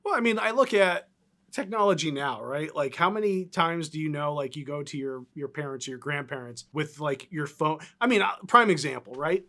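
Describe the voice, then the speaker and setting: A man co-hosting a podcast in casual chat, animated and rambling, filling his talk with "like" and "right?". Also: a little high, normal speed. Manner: animated, rambling, lots of 'like' and 'right?'. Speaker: co-host.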